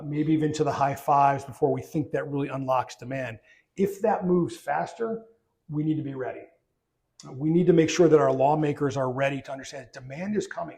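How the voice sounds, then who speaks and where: A middle-aged man, a trade association chief, speaking at a luncheon in a relaxed conversational way with frequent restarts and fillers. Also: a little high, creaky. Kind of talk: luncheon speech. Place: banquet room.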